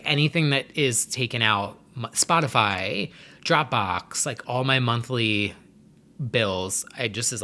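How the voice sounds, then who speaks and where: Bright-voiced man rambling casually. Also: mid-range voice. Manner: rambling stream of consciousness, frequent fillers and laughs. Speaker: vlogger. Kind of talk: casual chat.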